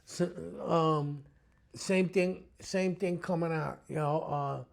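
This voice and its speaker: A man's voice: fairly high pitch, takes it slowly, gravelly. A middle-aged man with a New York accent, a retired police detective telling blunt, profane stories in an interview. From the Bronx, New York. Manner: blunt, profane, animated street-tough storyteller. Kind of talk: storytelling interview talk.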